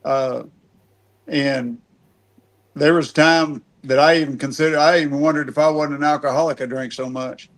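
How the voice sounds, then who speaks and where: A man's voice: fairly high pitch, fairly even intonation, normal speed. A middle-aged man hosting a casual podcast chat, speaking in a rambling, folksy way and often restarting his sentences. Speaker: podcast host.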